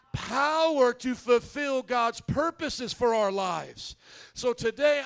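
Man, pastor, sermon, high-pitched voice, emphatic, call-and-response. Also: fairly bright tone. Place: church.

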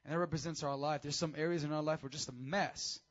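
A man preaching a casual, high-energy sermon to teenagers as youth pastor, with call-and-response. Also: fairly even intonation, quick pace, highs cut off.

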